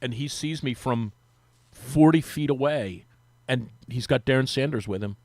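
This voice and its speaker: A man on sports radio telling a long anecdote in casual chat, acting out the quotes with a rising, lively voice. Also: mid-range voice, moderate pace, no echo. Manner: animated, acts out quotes with rising voice. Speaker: sports radio guest, former team reporter. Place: radio studio.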